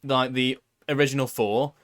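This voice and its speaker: A man's voice: mid-range voice, fairly even intonation, normal speed, fairly bright tone. A man hosting a podcast in casual chat, rambling with lots of fillers and restarts. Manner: rambling, filler-heavy, with many likes and restarts. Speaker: podcast host.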